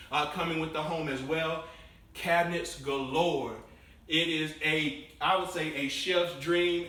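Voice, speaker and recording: Upbeat home-tour host in echoey house. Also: male voice, sharp tone, distant mic. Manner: enthusiastic salesman pitch, addresses viewers as guys. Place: inside a show home, bare rooms. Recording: very echoey room, voice from off the mic.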